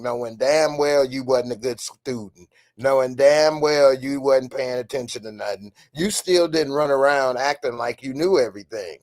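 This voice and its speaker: Man ranting emphatically on a live stream. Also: medium pitch. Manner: emphatic, ranting, reads out viewer comments. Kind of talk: casual live-stream commentary.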